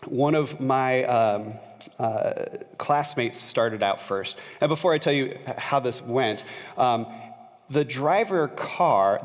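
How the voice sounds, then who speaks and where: Male pastor, conversational storytelling sermon, lots of "uh" fillers, long church-hall reverb. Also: mid-range voice. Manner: conversational, frequent "uh" fillers, grows animated when retelling a story. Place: church sanctuary.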